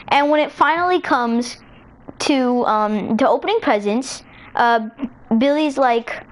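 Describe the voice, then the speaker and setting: High-voiced rambling girl storyteller. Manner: rambling, many restarts and "so then"; acts out characters' lines in quick little voices. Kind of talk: casual storytelling while gaming.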